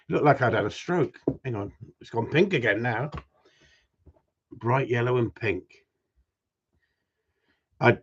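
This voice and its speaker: A husky-voiced gundog trainer chats with his live-stream audience, going through their comments with playful teasing and a bit of mild swearing. His pitch moves up and down a lot, and the recording sounds dull and lo-fi.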